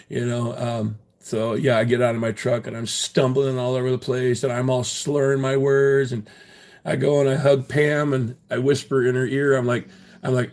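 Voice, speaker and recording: A man's voice: medium pitch, flat delivery, moderate pace, a little mellow. A man on a casual livestream who rambles through his stories with lots of ums and restarts. He taunts his chat with crude language and laughs as he talks. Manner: taunting, profane, laughing at viewers; rambling with many fillers and restarts.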